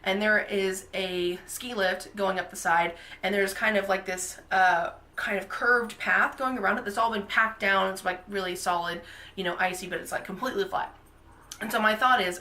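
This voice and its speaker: Woman vlogger, animated self-mocking storytelling, bright voice, echoey room. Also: mid-range voice, moderate pace. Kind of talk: casual storytelling.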